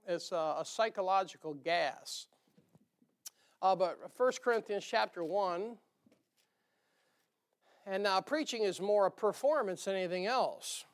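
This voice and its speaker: A man from the northern United States preaches in church with a high voice, taking his time and leaving long pauses. His sermon is folksy and rambling, full of jokey asides and a nasal twang.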